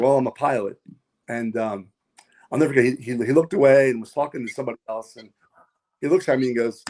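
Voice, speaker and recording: Sounding a little mellow in the mid range, a man who is both a wrestler and a pilot chats as a guest on a podcast. His storytelling runs long and meandering, with plenty of filler words and repetition.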